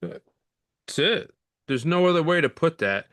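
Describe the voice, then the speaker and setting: A man's voice: fairly high pitch, expressive, slow pace, fairly bright tone, no room sound, studio quality. Frustrated man in casual sports talk. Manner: frustrated, rambling, casual swearing. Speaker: podcast co-host.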